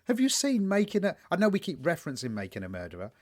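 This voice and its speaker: A man's voice: a little high, huge pitch swings, fast talker. A man, a young adult, co-hosting a podcast in casual chat, swearing and telling stories with mock quotes. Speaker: podcast co-host.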